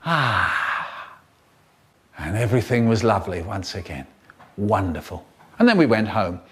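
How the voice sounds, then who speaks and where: A man's voice: very animated, measured pace, slightly rough. Theatrical male storyteller, swooping voice. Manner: theatrical, with big swoops in pitch and loudness; does silly character voices. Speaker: children's storyteller. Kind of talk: animated storytelling, cut up and remixed.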